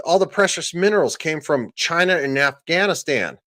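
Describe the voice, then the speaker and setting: A man's voice: mid-range voice, big pitch swings, moderate pace, hardly any pauses, sharp tone. A man delivering a ranting reaction commentary, sarcastic, profane and mocking. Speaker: political commentator.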